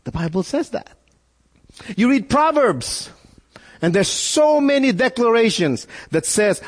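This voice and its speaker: A man's voice: extremely high pitch, big pitch swings, unhurried. A man preaching a sermon as pastor, earnest and full of rhetorical questions, often repeating words as he builds a point. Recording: long reverb in a hall.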